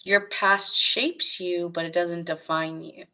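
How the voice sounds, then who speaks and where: A woman's voice: lowish voice, slow, poor audio. A woman giving a casual live tarot reading, chatting to viewers by name between cards. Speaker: tarot reader. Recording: steady background noise.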